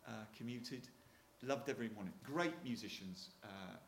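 Here a man in his sixties, a retired Royal Marine with a Hampshire English accent, tells chatty anecdotes to a crowd, repeatedly restarting and chuckling. His voice sits lowish, and his pace is moderate. The audio is reverberant, with slight background noise.

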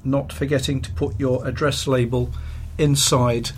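A man's voice: mid-range voice, little pitch movement, measured pace, slight background noise. A man presenting a talking newspaper, reading scripted closing announcements in a friendly, orderly way.

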